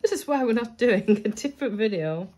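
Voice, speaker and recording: A woman's voice: on the high side, animated, fairly quick, warm tone, slight background noise. A woman talking to camera at home at night, chatty and self-mocking as she thinks aloud. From United Kingdom. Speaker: budgeting vlogger. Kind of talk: casual chat to camera.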